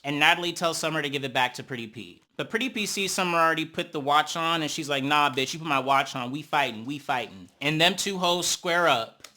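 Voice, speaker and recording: Male reality-show recapper, sassy and excitable, slightly high and bright voice. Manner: sassy, excitable, peppered with "honey" and "child"; breaks into gasps and cheers at fights. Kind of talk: casual episode recap commentary.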